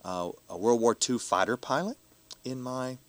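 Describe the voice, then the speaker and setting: A man's voice: mid-range voice, moderate pace, dry recording. A man who is a professional storyteller, talking animatedly in a casual interview, laughing often and acting out the people he quotes.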